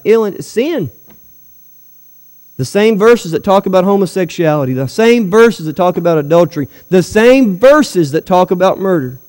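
A man's voice: on the high side, darkish tone. A man preaching a sermon to his church, emphatic and full of rhetorical questions to the congregation. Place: church hall. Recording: long hall reverb.

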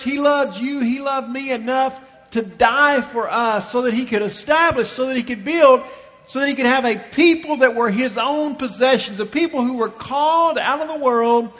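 A pastor preaching a sermon with emphatic, slowly stressed phrases and rhetorical questions. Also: male voice, extremely high pitch, fairly bright tone, in a large hall.

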